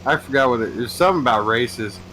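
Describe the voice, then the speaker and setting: A man chatting with friends on a gaming stream, telling stories excitedly with heavy swearing. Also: medium pitch, fast talker, slight background noise, rough recording. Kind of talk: casual chat.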